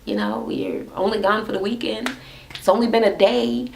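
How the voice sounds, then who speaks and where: A woman voicing a calm pregnant young woman soothing her crying sister. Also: mid-range voice, moderate pace, creaky, a little hiss or hum.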